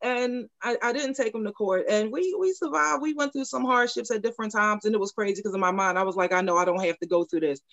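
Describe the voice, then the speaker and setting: A woman's voice: medium pitch, no echo, dull audio. A middle-aged woman telling a personal story candidly in a casual group chat, laughing often.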